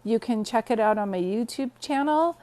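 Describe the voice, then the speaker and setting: A woman's voice: a little high, normal speed, dark tone. A woman hosting a casual phone livestream from her bed, greeting viewers and telling stories in a chatty way. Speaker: psychic medium livestream host. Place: bedroom, sitting on bed.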